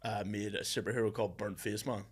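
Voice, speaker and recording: A young man with a Northern Irish accent, a comedian guest in casual, animated chat who keeps slipping into silly voices. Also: on the low side, quick pace, slightly rough. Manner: animated, jumps into silly voices, says "lad".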